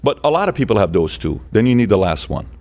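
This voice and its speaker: Emphatic low-voiced male podcast guest. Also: big pitch swings, fast talker, darkish tone. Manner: emphatic, acts out quoted dialogue. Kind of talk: animated storytelling.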